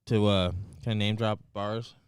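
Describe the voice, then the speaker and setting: A man's voice: fairly low pitch, flat delivery, moderate pace, clean tone, dry recording, clean studio sound. A man co-hosting a casual live-stream chat, telling a story with lots of fillers, restarts and laughs. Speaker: co-host. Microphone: desk mic, headphones.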